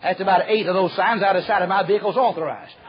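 A man preaching a folksy storytelling sermon, acting out the quoted voices and dropping to a hush at times. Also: high voice, fast, slightly rough. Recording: muffled lo-fi recording.

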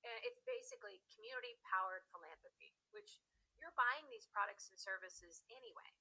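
A woman's voice: fairly high pitch, wildly swooping pitch, fairly quick, gravelly, pushed and bright, rough recording. A woman guest, herself a radio host, chatting in a casual interview, rambling and laughing as she explains things.

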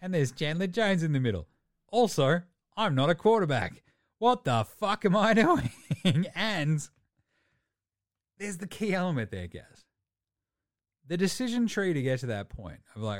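A man in his thirties with an Australian accent, talking sport in a loud, swearing rant. His voice sits a little high for a man, and it jumps higher still when he gets worked up. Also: measured pace, long pauses, dry recording, studio quality. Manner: profane, ranting, animated. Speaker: podcast co-host. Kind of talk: casual sports chat.

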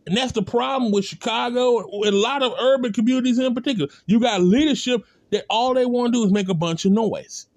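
A man's voice: extremely high pitch, moderate pace, a little mellow, no echo. A man giving a blunt, impassioned spoken rant, hammering points with repeated rhetorical calls and casual speech. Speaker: commentator.

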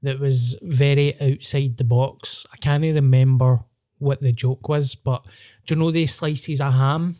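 A comedian telling sweary, laughing stories in a casual podcast chat. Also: male voice, mid-range voice, fairly even intonation, unhurried, mellow.

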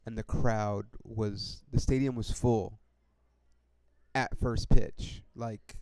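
A young man with a low, gravelly voice spins a loose, meandering story for his podcast. His tone is mellow and smooth, and he swears casually, dropping "dude" and "like" all the way through. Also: steady tone, slow, dry recording. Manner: profane, laid-back, full of fillers like "dude" and "like". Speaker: podcast host.

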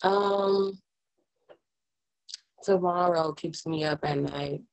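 Low, gravelly-voiced young woman rapper. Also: drawn-out words, poor audio. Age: young adult. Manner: laid-back, frequent "um" and "like". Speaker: rapper guest. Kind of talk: casual interview chat.

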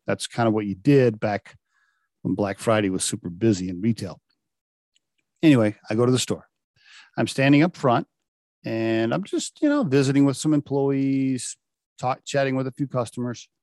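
A middle-aged man telling a casual anecdote about his job. He laughs often and acts out the dialogue with lively shifts in his voice. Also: medium pitch, normal speed, long pauses, no echo, studio quality. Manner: animated, laughing often, acting out quoted dialogue. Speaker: storyteller recounting a work anecdote.

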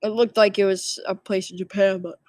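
A woman's voice: medium pitch, little pitch movement, fairly quick, very noisy. A sleepy woman casually rambling through a movie plot summary, full of fillers and restarts. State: sleepy, yawning. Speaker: movie recap vlogger.

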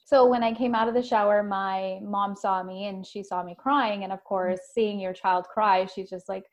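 A woman's voice: mid-range voice, level tone, moderate pace. A woman hosts a conversational interview, trading questions with open, personal storytelling. Her voice sits in a middle register. The recording has a somewhat dull, lo-fi quality. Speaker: podcast host.

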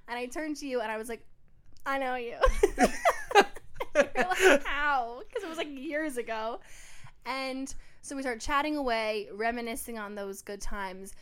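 An American woman co-hosting a podcast, telling a story in a lively, chatty way and laughing often. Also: fairly high pitch, moderate pace, smooth. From New York, US. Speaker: podcast co-host. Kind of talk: casual chat.

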